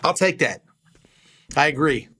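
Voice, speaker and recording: A man in his fifties speaking candidly as a podcast guest, with halting starts and frequent restarts. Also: a little high, lively intonation, pushed and bright, breathy edge. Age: 50s. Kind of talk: candid conversational interview.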